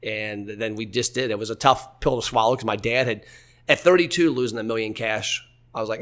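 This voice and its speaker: A man's voice: on the low side, brisk, a bit bright. A man in his forties, a podcast guest, telling stories from his business life in a blunt, candid way, with casual swearing. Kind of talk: casual storytelling.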